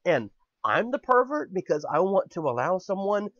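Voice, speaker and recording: A man ranting on a podcast, swearing hard and swinging his fairly high voice up and down with heat. The sound is dry and dull, like lo-fi home audio. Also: sing-song, moderate pace, dry recording. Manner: furious, profane, shouty bursts. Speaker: podcast host. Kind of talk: angry political rant.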